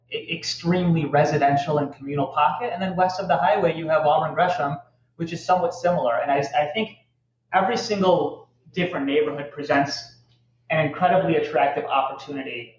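Male podcast guest with a halting, filler-heavy delivery. Echoey, muffled audio. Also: on the high side, slight background noise. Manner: halting, many fillers and restarts. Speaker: real estate guest. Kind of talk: casual podcast interview. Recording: echoey, slightly dull audio.

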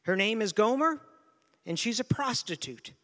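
Calm, commanding voice of God, spoken by a high-voiced preacher, hall echo. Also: male voice, normal speed. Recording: long reverb of a large hall.

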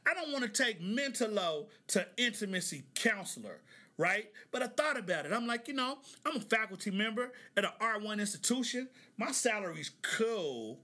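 A man in his thirties hosts a casual podcast, riffing in a loose, joking way and laughing between his points. His voice sits high and sounds bright and sharp. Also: moderate pace. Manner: animated, joking, laughs often, reads articles aloud with asides. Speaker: podcast host. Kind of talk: casual comedic commentary.

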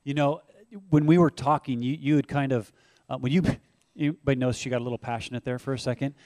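A man pastor preaching in a relaxed, conversational way, with frequent fillers. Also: medium pitch, fast, dry recording. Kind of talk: sermon co-hosting.

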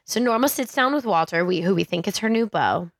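A woman co-hosting a podcast, recapping a TV episode in casual chat, animated and swearing freely. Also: mid-range voice, fairly quick, dry recording, clean studio sound. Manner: animated, swears often, acts out quotes in retelling. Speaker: podcast co-host.

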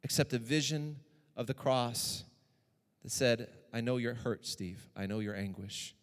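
A man preaching a sermon as pastor, moving between hushed personal tones and raised, urgent exhortation. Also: mid-range voice, unhurried, big-room sound.

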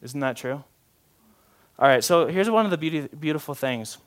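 Guy preaching a sermon, kinda high voice, chatty and casual, goes soft and slow then loud and punchy. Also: expressive. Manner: informal, often uses "like" and restarts. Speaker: pastor.

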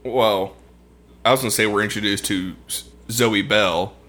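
A man co-hosting a podcast, recapping a film in animated, jokey casual chat. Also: fairly low pitch, normal speed. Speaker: podcast co-host.

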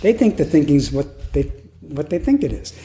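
A Zen teacher gives a dharma talk at a retreat, musing aloud playfully and laughing now and then. His voice is a little high, sing-song, and dark-toned at a moderate pace, recorded in an echoey room with faint noise.

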